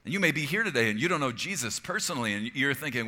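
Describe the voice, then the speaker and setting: A man's voice: mid-range voice, expressive, very fast. Man, pastor, emphatic conversational sermon, piercing tone, echoing church hall. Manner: emphatic, conversational preaching, drops to a hushed voice.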